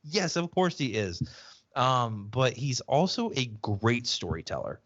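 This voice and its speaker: A man's voice: mid-range voice, big pitch swings, unhurried, fairly bright tone, muffled recording. A man co-hosting a casual podcast, telling stories over a video call with many restarts and fillers. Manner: rambling storyteller with frequent restarts and fillers. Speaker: podcast co-host.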